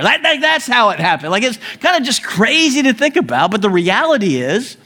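A male pastor preaches with a high, light voice. He tells the story with animated energy, slips into character voices and chuckles along the way. His delivery swings from lively to hushed. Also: fairly quick, few pauses. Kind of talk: sermon.

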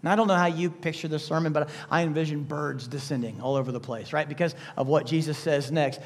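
A man preaching a sermon with an emphatic delivery, full of rhetorical questions, swinging between loud bursts and hushed asides. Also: a little high, steady tone, quick pace. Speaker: pastor.

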